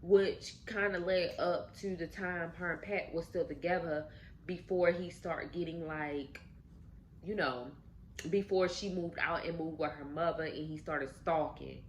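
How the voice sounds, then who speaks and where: A woman's voice: deep voice, a little slow, a little hiss or hum, low-quality recording. A woman host casually telling a story while eating, talking directly to her viewers. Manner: animated, addresses viewers directly. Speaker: channel host.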